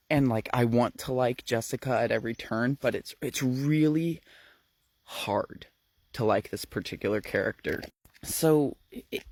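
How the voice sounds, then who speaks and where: A man's voice: mid-range voice, a little mellow, dry recording. Chatty man retelling a book. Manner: chatty, swears, repeats words for effect. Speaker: book recap storyteller. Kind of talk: casual storytelling.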